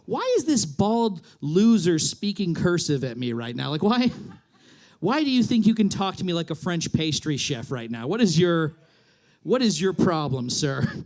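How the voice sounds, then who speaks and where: A comedian voicing an irritated stranger who sneers in disbelief. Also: male voice, fairly high pitch, sing-song, normal speed, a little mellow. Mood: sneering. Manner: sneering, incredulous. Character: annoyed stranger scolding a fussy man.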